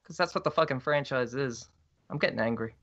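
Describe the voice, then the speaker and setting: A man's voice: medium pitch, brisk, dull audio, crowd noise. Blunt grumbling horror podcast man. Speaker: podcast co-host. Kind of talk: casual podcast chat and reading listener email aloud.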